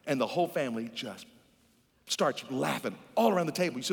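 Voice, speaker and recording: A man in his sixties preaching a sermon, telling folksy stories and building to loud, emphatic exhortation. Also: medium pitch, big pitch swings, fast, vocal fry, husky, long reverb tail. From Netherlands.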